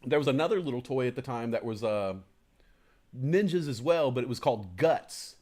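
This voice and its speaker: A man hosting a live stream in casual chat, rambling and animated, swearing freely. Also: mid-range voice, normal speed. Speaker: host.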